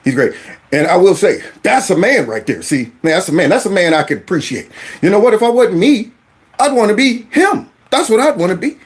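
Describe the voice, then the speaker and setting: Animated joking male commentary host. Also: high voice, fairly quick. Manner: animated, joking, chatty, eggs on the clip. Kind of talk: casual comedic commentary.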